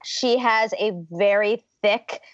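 A woman's voice: medium pitch, steady tone, takes it slowly, no echo, dull audio. A woman from the US state of Georgia, a podcast guest, talking reflectively about her childhood and laughing often. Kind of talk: casual interview conversation.

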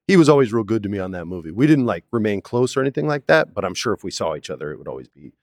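Man, 40s, low voice, chatty and animated storyteller, dry studio sound. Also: very fast, dry recording. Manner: animated storyteller, acts out quotes, says "man" often. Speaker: actor, interview guest. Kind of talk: casual storytelling interview. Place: studio, in person.

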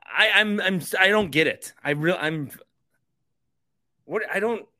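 A man's voice: high-pitched, measured pace, pushed and bright. A male sports radio host reacting to a caller, stammering and incredulous, with frequent repeated words.

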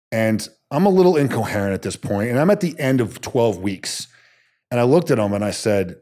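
A man's voice: on the low side, moderate pace. A man in his thirties, a soldier being interviewed, telling stories bluntly and acting out the quotes. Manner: animated storyteller who acts out quotes, blunt and salty. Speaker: podcast guest, Army special forces soldier. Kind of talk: storytelling in a casual interview.

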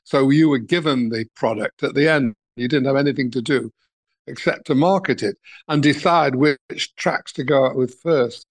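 Older English music manager telling stories. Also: male voice, medium pitch, normal speed. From England. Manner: anecdotal, chuckling storyteller with lively asides. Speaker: talent manager, interview guest. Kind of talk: reminiscing interview answers.

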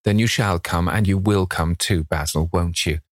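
A man's voice: sits low, normal speed, no room sound, studio quality, lightly acted. A man voicing a witty, cynical Victorian aristocrat who drawls out languid epigrams.

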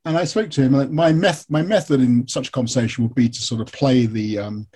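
A man from England, an author being interviewed, who tells stories in a lively way with many fillers and restarts. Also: medium pitch, brisk, husky. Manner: animated storytelling, frequent fillers and restarts. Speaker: author and biographer, interview guest. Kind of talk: conversational interview.

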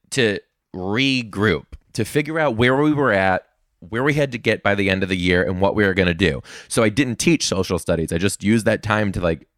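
A young man telling classroom stories as a comedic monologue, sassy and animated, bursting into high-pitched rants. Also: dry recording, clean studio sound.

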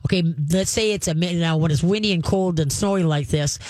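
A woman's voice: fairly low pitch, fast, darkish tone, dry recording. Brief: woman radio host, dog trainer, folksy and emphatic, dry studio sound. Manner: folksy, emphatic, laughs often. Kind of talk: call-in radio advice.

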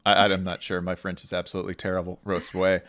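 A man's voice: low voice, monotone, quick pace, fairly bright tone. A man co-hosting a podcast in casual chat, joking and rambling with frequent restarts. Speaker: podcast co-host.

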